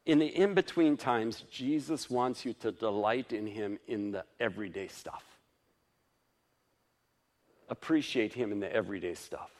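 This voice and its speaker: A male pastor preaching a sermon in an informal, conversational way, with lively ups for emphasis, soft asides and frequent chuckles. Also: fairly low pitch, measured pace.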